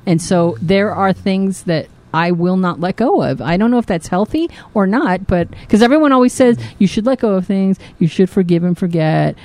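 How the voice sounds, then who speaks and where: Female podcast co-host, lively and outspoken, mid pitch. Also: moderate pace, few pauses. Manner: expressive, laughs often, outspoken. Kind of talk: casual chat.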